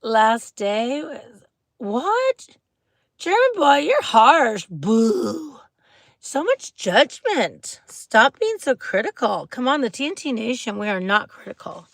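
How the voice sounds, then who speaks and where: Her voice is slow and creaky with big pitch swings as this woman livestreams from her parked car, talking close to her phone. She stays chatty and bubbly, acting out quotes in squeaky voices, on a dry recording.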